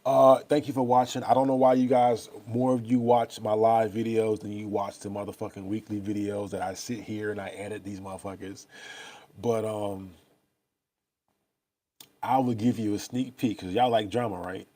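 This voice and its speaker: A man's voice: lowish voice, flat delivery, moderate pace, warm tone. A young man, chatting casually and profanely with viewers on a live stream from his laptop. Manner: loose, profane, talks straight to viewers. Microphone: laptop or phone mic.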